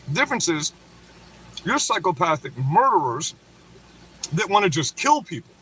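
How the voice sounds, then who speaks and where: A man's voice: high-pitched, bright, forceful tone, a little hiss or hum, low-quality recording. A man hosting a livestream, delivering a crude, profane, taunting rant at critics. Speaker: livestream host. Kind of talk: ranting livestream monologue.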